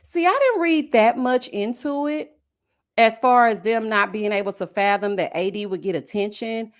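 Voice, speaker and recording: A woman's voice: on the high side, normal speed. A woman hosting a casual reality show recap livestream, chatty and sassy, reading viewer comments aloud. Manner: acts out the cast's lines in exaggerated whiny voices.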